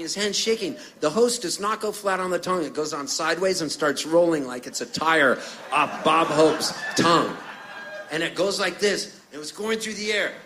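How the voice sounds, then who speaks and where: Animated Canadian man telling stage stories. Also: fairly high pitch, slight background noise. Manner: animated, jokey, acts out voices. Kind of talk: live stage storytelling between songs.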